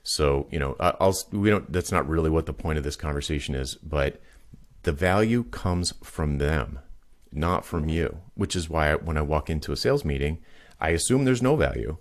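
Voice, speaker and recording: Very deep-voiced male business coach. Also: lively intonation, moderate pace. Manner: confident, explanatory, tells anecdotes to make points. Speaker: podcast host and business coach. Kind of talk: coaching call conversation. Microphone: video call.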